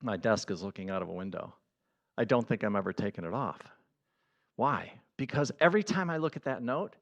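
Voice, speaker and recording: A man giving a conversational sermon as a pastor, earnest and building to excited emphasis. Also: medium pitch, moderate pace.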